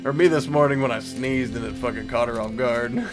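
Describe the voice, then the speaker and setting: A man's voice: mid-range voice, a little fast, hardly any pauses. A man casually commenting while he plays a game. He rambles, swears a lot and makes joking asides to himself. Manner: rambling, profane self-talk with joking asides. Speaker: gameplay streamer. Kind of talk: casual let's-play commentary. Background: game music.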